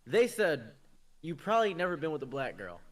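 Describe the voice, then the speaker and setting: A man's voice: on the high side, very animated, a little fast. A man joking and telling a story in casual chat on a gaming stream.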